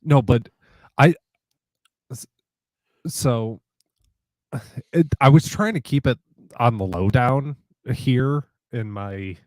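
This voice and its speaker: A man's voice: mid-range voice, takes it slowly, long pauses, a little mellow, dry recording. A man who plays guitar, talking casually and rambling with many restarts and false starts. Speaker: guitar player guest. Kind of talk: casual conversation.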